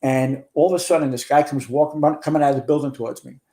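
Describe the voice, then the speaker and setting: Older man with a mellow, warm voice. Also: fairly high pitch, steady tone, fast. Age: 60s. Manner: earnest storyteller, relives events in detail. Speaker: guest, retired fire chief. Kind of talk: recounting a firefight in a podcast interview.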